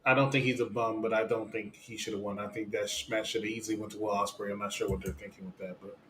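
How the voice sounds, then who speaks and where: A man hosting a wrestling review show, calmly giving his take and reading the sign-off in a measured, announcer-like way. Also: on the low side, echoey room, slight background noise. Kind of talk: casual chat and show sign-off.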